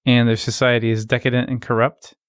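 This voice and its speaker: A man's voice: medium pitch, little pitch movement, quick pace, clear, resonant tone, no echo, clean studio sound. A man co-hosting a casual film podcast who gives candid, plainspoken opinions. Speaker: podcast co-host.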